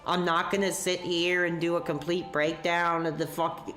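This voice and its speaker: A man's voice: fairly high pitch, level tone, echoey room, over loud music. A sick male streamer hosting a live call-in show, agitated and ranting. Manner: agitated, ranting, quick to curse. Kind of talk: livestream rant and call-in chat.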